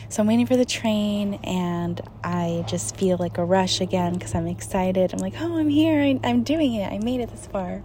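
A young woman telling a travel story in a casual, animated way, often laughing and acting out what people said. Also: lowish voice, slight background noise. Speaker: storyteller recounting a trip.

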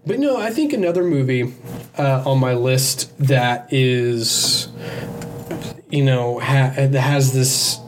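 A man's voice: medium pitch, takes it slowly. A man chatting casually about movies as a podcast co-host, rambling and hesitant, with frequent fillers and restarts.

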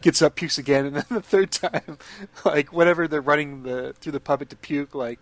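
A man's voice: a little high, steady tone, moderate pace, no echo. A man co-hosting a casual podcast, rambling through a story and giggling throughout. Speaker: podcast co-host. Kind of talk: casual chat.

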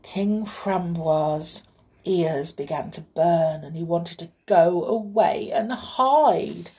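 Slow, gentle woman reading a children's story. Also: fairly low pitch. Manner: gentle, expressive and chatty with listeners.

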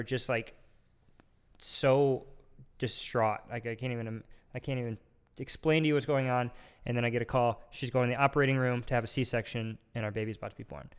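Smooth-voiced man telling a rambling story. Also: medium pitch, a little fast. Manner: rambling, animated storytelling with filler words. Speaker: podcast host. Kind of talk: casual podcast storytelling.

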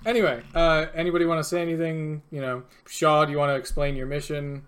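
A man's voice: fairly high pitch, little pitch movement, fast talker, fairly bright tone, smooth. A man acting as game master, narrating a tabletop game in a chatty way, with frequent laughs and fillers.

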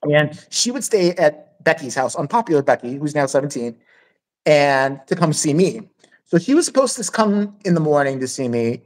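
A man's voice: a little high, moderate pace, rough recording. A man hosting a podcast, telling a story in a loose, profane way and acting out the voices. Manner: profane, animated, acts out voices in stories. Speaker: podcast host. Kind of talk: casual storytelling chat.

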